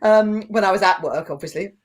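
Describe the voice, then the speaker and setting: A woman's voice: mid-range voice, a little fast. A woman from Britain with a British accent, a giggly guest telling stories in a casual chat. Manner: giggly, storytelling.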